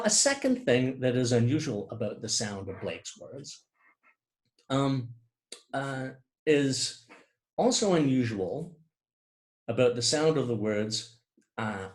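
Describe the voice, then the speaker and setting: A man's voice: mid-range voice, lively intonation, a little slow. A man giving a recorded lecture, explaining by example with asides and restarts, and tapping out rhythm with spoken syllables.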